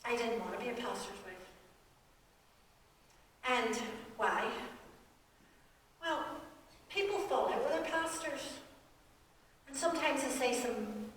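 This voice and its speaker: A feisty, animated woman in her sixties, a pastor's wife giving a guest sermon in a church, often laughing as she talks. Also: a little high, slow, long pauses, slight background noise. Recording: echoey hall, mic from far off.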